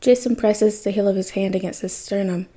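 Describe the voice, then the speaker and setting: A woman narrating fan fiction for a podfic, her delivery even and unhurried. Her voice is mellow and slightly breathy, never sharp. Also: medium pitch, rough recording. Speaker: podfic reader.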